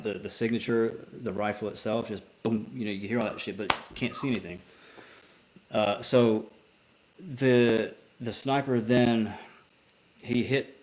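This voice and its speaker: A man's voice: on the low side, a little hiss or hum. A man, a military veteran and podcast guest, telling a story casually with plenty of swearing, restarts and filler words. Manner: profane, rambling with many restarts.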